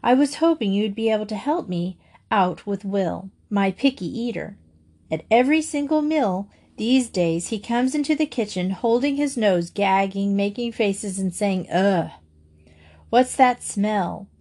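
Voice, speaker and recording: A woman's voice: medium pitch, expressive, a little slow, darkish tone. A woman reading aloud and voicing a worried, exasperated mother in a storybook. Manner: fretful, exasperated. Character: worried mother of a picky-eating boy.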